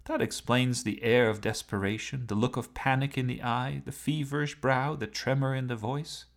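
A man's voice: mid-range voice, steady tone, normal speed, creaky, voice pushed up, lightly acted. Man voicing a wry talking sports car. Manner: dry, wry and lecturing. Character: witty, haughty male talking sports car.

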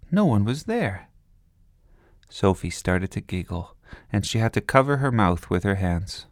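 A man with a low voice reads a children's storybook aloud with lively, expressive narration. The sound is close and dry. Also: no room sound.

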